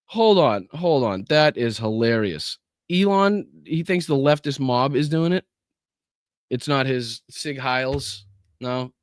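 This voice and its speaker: Male livestream host, casual and sarcastic commentary, mid-pitched, dry close sound. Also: animated, slow pace, smooth, dry recording. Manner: casual, sarcastic, swears, thanks viewers in chat. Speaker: political podcast host.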